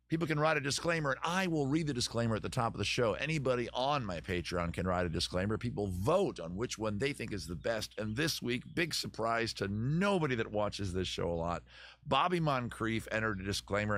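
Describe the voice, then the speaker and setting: Low-voiced man rambling on a livestream. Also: expressive, fairly quick, fairly bright tone, no room sound. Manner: rambling, joking and self-mocking. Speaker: host of a live-stream chat show. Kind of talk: casual live-stream chat. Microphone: close microphone.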